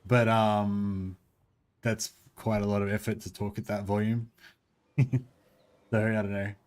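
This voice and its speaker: An Australian man streams a game from his home desk, his voice a little low and tired. He talks quietly and mumbles between thoughts, sounding sore and worn out. His microphone sits on a desk stand behind the keyboard. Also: level tone, a little slow. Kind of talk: casual livestream chat.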